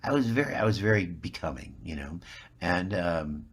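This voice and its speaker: A man's voice: low-pitched, moderate pace, slightly rough. A man in his seventies, a guest actor, telling a long rambling anecdote and acting out the people in it. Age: 70s. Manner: rambling, animated storyteller who acts out the people he quotes. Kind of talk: anecdotal storytelling.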